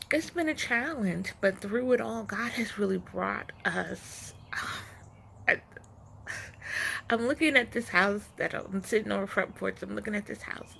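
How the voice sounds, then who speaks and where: A woman in her forties, a stay-at-home mom vlogging from her front porch, speaking softly and emotionally with many pauses. Her speech is slightly muffled by something she is wearing in her mouth. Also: on the low side, creaky, a little hiss or hum. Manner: soft, emotional, halting, with many pauses and fillers. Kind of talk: heartfelt personal vlog talk.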